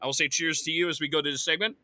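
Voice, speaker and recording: Quick, bright-voiced male podcast host. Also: a little high, fairly even intonation. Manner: eager, quick, upbeat interviewer. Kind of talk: casual interview.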